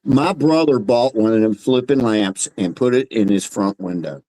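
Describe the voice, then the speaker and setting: A man's voice: fairly low pitch, normal speed, mellow, no room sound, rough recording. A man co-hosting a casual livestream, telling stories animatedly and swearing casually. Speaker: livestream co-host. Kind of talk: casual chat.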